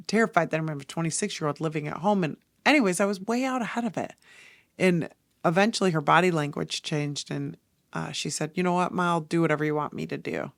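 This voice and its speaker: In studio-quality sound with no echo, a gravelly, low-sitting female voice carries a casual podcast monologue. The host, in her forties, speaks to her listeners in an earnest, confessional way.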